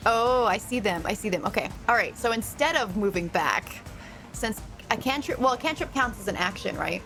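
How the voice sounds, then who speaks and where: A woman at a tabletop game session, chatting casually and giggling as she works out her moves. Her voice is mid-pitched. Soft background music plays under the talk. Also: lively intonation, moderate pace. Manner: giggly, chatty, thinks aloud with fillers. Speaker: player.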